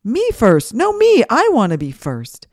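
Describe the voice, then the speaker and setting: A woman voicing a crowd of pushy young snake students from a children's storybook, shouting over each other in a shrill, squeaky voice. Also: huge pitch swings, a little slow, no echo, studio quality, exaggerated voice. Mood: bossy, shouting.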